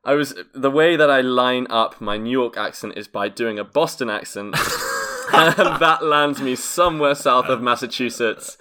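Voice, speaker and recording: A man's voice: medium pitch, normal speed, bright, forceful tone, a little hiss or hum. A man from London, co-hosting a casual chat in a playful, wordy and slightly formal way. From London, England. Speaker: podcast co-host.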